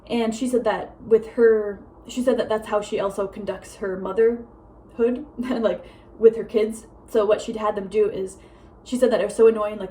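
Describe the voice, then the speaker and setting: A young woman vlogging casually at home, a self-described fast talker who rambles with many fillers. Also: mid-range voice, mellow, slight background noise, poor audio. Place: home with a meowing cat.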